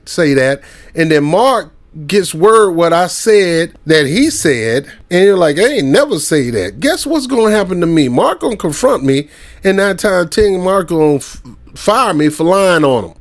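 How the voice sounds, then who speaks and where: A man's voice: high-pitched, very animated, moderate pace. A man hosting his own commentary channel, ranting in a heated, slangy way, mocking his target and breaking into laughing anecdotes.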